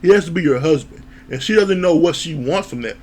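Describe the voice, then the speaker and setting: Rambling male reviewer with a slightly high voice and an easy, chatty manner. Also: lively intonation, fairly quick, a little mellow. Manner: rambling and chatty, with frequent laughs. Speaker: TV show reviewer. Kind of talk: casual episode recap.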